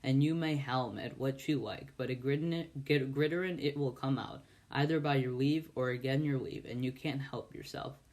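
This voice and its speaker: A man voicing a plain-spoken, kindly village blacksmith, slow and deliberate in an amateur audiobook reading. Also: mid-range voice, fairly even intonation, a little mellow, natural voice. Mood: earnest. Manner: ponderous, deliberate, rustic grammar.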